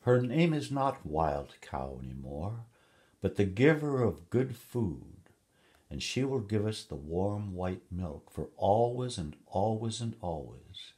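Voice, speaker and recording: A man's voice: on the low side, very animated, slow, dark tone, voice pushed up. Man voicing a wise firm woman, mocking, raised voice, storybook reading. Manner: raised, laughing, commanding.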